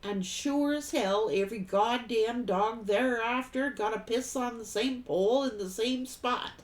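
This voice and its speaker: A woman's voice: a little high, unhurried. A middle-aged woman giving a casual tarot reading, blunt and folksy, swearing freely and laughing often. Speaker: tarot reader.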